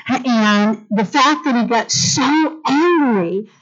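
Brief: middle-aged female Bible teacher, animated sermon delivery, slightly high voice, lo-fi muffled audio. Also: takes it slowly, soft background music. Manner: animated, calls for congregation responses. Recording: dull lo-fi recording.

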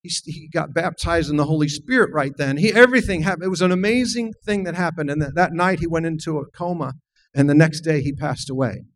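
A man's voice: on the high side, fast talker, slight background noise, rough recording. A middle-aged man, a minister, preaching a sermon and telling a personal story in an earnest way. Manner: earnest, storytelling, frequent restarts.

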